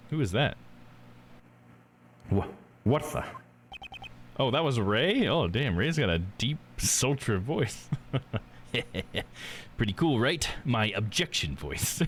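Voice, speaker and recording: Laughing, animated male streamer. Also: medium pitch, unhurried, a little hiss or hum. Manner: laughs often, says "dude". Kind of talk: casual live-stream chat while playing a game.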